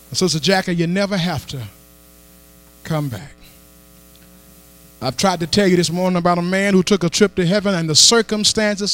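High, lively preacher man shouting sermon. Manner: builds to shouted, sung call-and-response preaching. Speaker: pastor. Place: church sanctuary.

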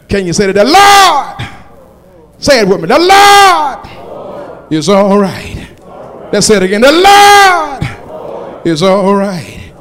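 A male pastor preaching a sermon with call-and-response, building to shouted climaxes. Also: high voice, big-room sound.

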